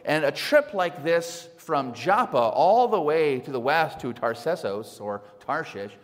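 Animated high-voiced male preacher, echoing hall. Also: a little slow. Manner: animated preaching, rhetorical questions to the congregation. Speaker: pastor. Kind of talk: sermon. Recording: long hall reverb.

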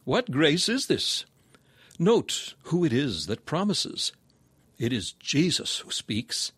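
A man reading a sermon aloud in old-fashioned scriptural language. He is solemn and measured, and his pitch climbs for emphatic appeals. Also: sing-song, fairly bright tone, husky, no echo. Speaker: preacher.

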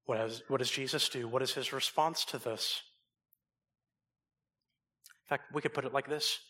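A man preaching a sermon, swinging from loud emphasis down to low, soft asides. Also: fairly even intonation, normal speed. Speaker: pastor.

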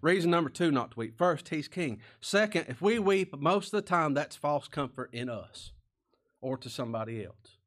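A man preaching a sermon as pastor, folksy and plain-spoken, asking rhetorical questions and sometimes dropping to a hush. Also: on the high side, animated, moderate pace.

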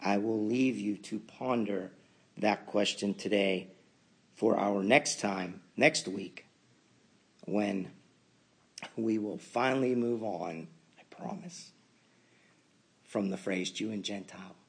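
A man preaching a sermon as pastor, building to emphatic loud peaks and then dropping to quiet asides. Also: lowish voice, slow pace, vocal fry, pauses often, breathy edge.

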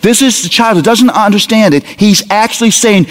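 A man preaching a sermon to parents, lively and humorous, acting out little scenes of talking to a child. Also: high voice, normal speed, hardly any pauses. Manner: animated, humorous, acts out parent dialogue. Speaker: pastor. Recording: long hall reverb.

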